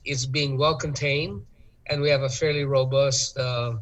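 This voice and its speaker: Male guest, measured and hesitant delivery, average pitch. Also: steady tone, low-quality recording. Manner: hesitant, lots of ums and uhs, measured. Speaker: interview guest, tourism official. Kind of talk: talk-show interview.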